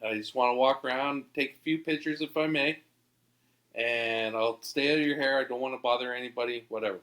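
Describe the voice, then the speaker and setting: A man from Canada, a podcast guest, telling an animated, excitable anecdote. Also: mid-range voice, a little fast. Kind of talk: storytelling anecdote.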